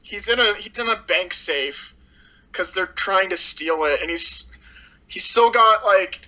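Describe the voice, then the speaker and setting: A woman's voice: mid-range voice, expressive, a little slow, pushed and bright, muffled recording. A woman reviewing a movie in casual chat, blunt and sarcastic, with lots of "like".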